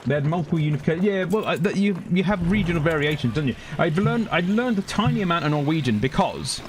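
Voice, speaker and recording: Chatty, slightly high-voiced male game streamer. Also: lively intonation, fast, noisy background. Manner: rambling, chatty, swears casually, laughs often, yelps during fights. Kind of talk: casual chat while gaming.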